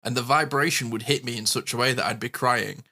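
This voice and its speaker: A man chatting on a podcast with a bright, forceful tone, telling candid personal stories. He laughs easily and speaks with animation. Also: mid-range voice, fairly quick. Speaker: podcast co-host. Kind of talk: casual podcast chat.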